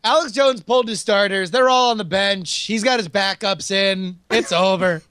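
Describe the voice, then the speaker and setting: A man co-hosting a podcast, commenting with quick, wry jokes. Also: sits high, bright, forceful tone, clean tone, dry recording. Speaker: podcast co-host. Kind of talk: casual commentary.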